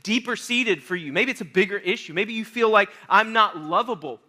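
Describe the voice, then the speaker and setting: In a slightly fast, high, bright voice with a forceful edge, a youth pastor acts out a comic tale about himself using voices and sounds, playful and self-mocking. He then addresses his listeners earnestly and directly.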